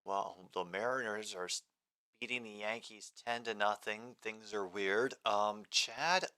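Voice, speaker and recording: A man's voice: fairly low pitch, pushed and bright, clean tone. A man hosting a casual live sports stream, rambling between game commentary and replies to chat comments.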